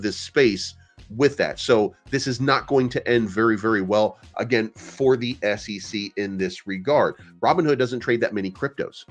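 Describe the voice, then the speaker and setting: A man hosting a crypto channel, talking in a casual, profane, stammering rant. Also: on the low side. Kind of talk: casual ranting commentary.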